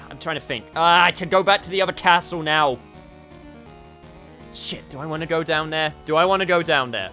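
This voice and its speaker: A man's voice: fairly high pitch, bright, forceful tone. Chatty man streaming a retro game. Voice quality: chatty, swears, talks to chat. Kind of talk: casual gameplay commentary. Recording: faint game music behind.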